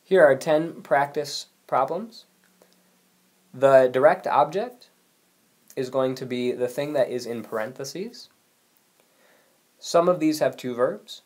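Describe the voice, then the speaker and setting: A man's voice: mid-range voice, darkish tone. A man teaching a recorded video lesson, explaining rules patiently and reading example sentences aloud. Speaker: language teacher.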